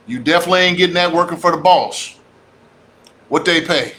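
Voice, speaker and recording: With slight background noise behind him, a man speaks in a slightly high voice at normal speed, leaving long pauses. He's a real estate investor giving an animated, preachy livestream talk on real estate, calling out to the audience he addresses as "y'all."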